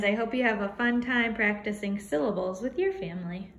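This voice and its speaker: A woman teaching young children to count syllables. She is cheerful and encouraging, and she stretches words out slowly as she counts their syllables, recorded on a phone she holds in her hand. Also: mid-range voice, animated. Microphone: phone held in hand. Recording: echoey room with faint ambience.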